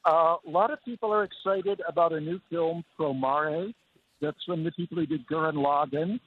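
A man's voice: on the high side, normal speed, slight background noise. A man phoning in an enthusiastic report from a busy convention center floor. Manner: enthusiastic, descriptive. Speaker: film critic reporting on location. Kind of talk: live field report. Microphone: phone line. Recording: tinny phone line with crowd ambience.

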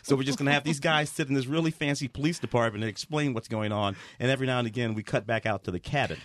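A man's voice: mid-range voice, racing, no room sound. A man reviewing a film on a radio show, sarcastic and full of fillers. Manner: sarcastic, animated, with many fillers. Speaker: film critic. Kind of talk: casual critical chat. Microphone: studio microphone.

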